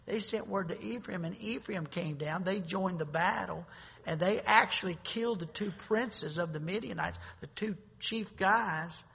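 Gravelly, bright-voiced man preaching a sermon. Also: high-pitched, a little slow. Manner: emphatic, jokes with the congregation, repeats words while restarting. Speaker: pastor. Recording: long hall reverb.

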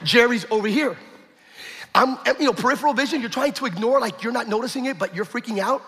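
A man preaching a sermon, telling a story with acted-out quotes and building to shouts. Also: extremely high pitch, fast, slight background noise. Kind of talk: sermon testimony. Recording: echoey hall with long reverb.

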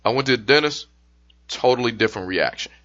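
A man's voice: medium pitch, lively intonation, fast, fairly bright tone, dull audio. A man co-hosting a podcast, telling stories in a casual chat. He swears freely and acts out the people in his stories. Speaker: podcast co-host.

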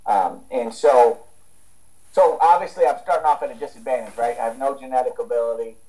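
Mellow-voiced American man rambling. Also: mid-range voice, a little fast, poor audio. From United States. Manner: rambling, many restarts and fillers. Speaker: guest, strength coach. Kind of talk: casual interview talk.

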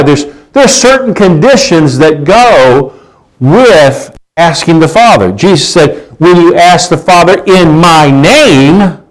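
A man with a fairly high voice delivers a sermon. He talks conversationally, circling back on his words and asking the listeners questions. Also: low-quality recording. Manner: conversational, repeats words while searching, asks rhetorical questions. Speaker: preacher.

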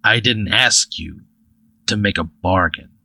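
A man's voice: lowish voice, a little slow, vocal fry, pushed and bright, dry recording, exaggerated voice. A man doing a slick, smug shakedown spirit. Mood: menacing.

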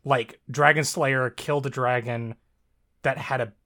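Bright-voiced man chatting loosely. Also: medium pitch, steady tone, a little slow. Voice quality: bright, lots of fillers and swearing, laughs often. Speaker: podcast co-host. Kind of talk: casual chat about a story.

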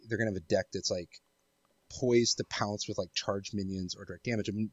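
Low-voiced man with a cold. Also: dry recording, highs cut off. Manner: thoughtful, hedging analysis. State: has a cold. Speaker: podcast co-host. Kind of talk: casual chat.

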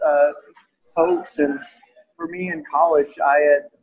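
A man from East Tennessee, a guest in an interview, talking earnestly and haltingly with many restarts. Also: on the high side, little pitch movement, breathy edge, poor audio. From East Tennessee, USA. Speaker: guest author. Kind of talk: casual conversational interview.

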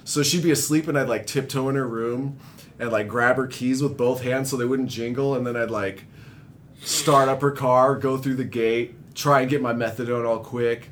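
A young man telling rambling, profane stories in casual chat, laughing often and growing animated as he retells them. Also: normal speed. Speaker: guest telling recovery stories. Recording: faint low rumble.

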